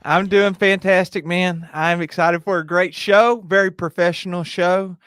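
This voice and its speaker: A man's voice: high voice, steady tone, measured pace, fairly bright tone, smooth, no echo. A man from Kentucky co-hosting a backpacking podcast, joking around easily and asking casual interview questions. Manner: jokey, laughs easily, asks interview questions. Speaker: podcast co-host. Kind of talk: casual livestream podcast chat.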